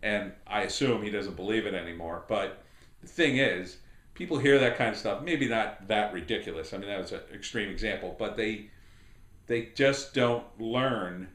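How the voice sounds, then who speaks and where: Lowish in pitch and heard in a reverberant space, a middle-aged man on his podcast rambles casually through a long tale. His anecdotal commentary features animated renditions of the voices he quotes.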